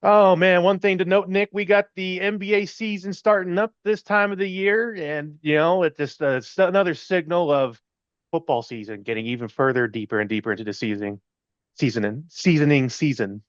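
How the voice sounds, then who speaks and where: A man's voice: a little high, normal speed, no echo, dull audio. A man co-hosting a sports podcast, joking playfully and laughing often. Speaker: podcast co-host. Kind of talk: casual sports podcast chat.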